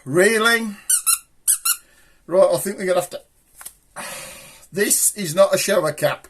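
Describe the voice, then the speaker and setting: A man's voice: sits high, takes it slowly, pauses often, background noise. A man with a Black Country accent hosting a puppet show, chatting in broad, cheeky, rambling banter. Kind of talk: comic chat with a puppet.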